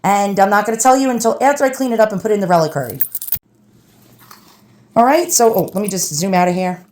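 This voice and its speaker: A woman with a New York accent talks her viewers through an unboxing in a chatty, animated way. Her voice sits at a middle pitch and she speaks close to the mic. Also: fast talker. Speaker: relic restorer and video host. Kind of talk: casual unboxing commentary.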